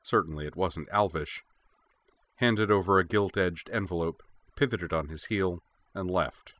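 A man narrating a fantasy audiobook in a measured, even storytelling voice. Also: sits low, no echo. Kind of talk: scripted narration.

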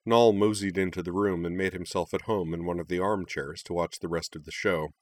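Deep-voiced man reading a story. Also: steady tone, brisk, no echo. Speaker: narrator.

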